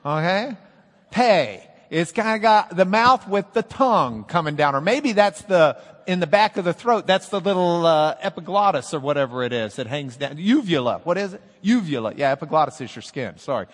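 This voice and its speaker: A man teaching a class, playful and animated, drilling the students and cracking jokes. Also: on the high side, normal speed, in a large hall.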